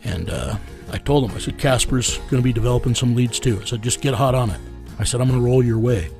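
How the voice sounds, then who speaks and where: This American man talks fast at a medium pitch, his voice creaky and darkish, with faint music in the background. As an interviewee who leads a vigilante team, he rambles through a profane story, repeatedly acting out exchanges with "I said" and "he goes."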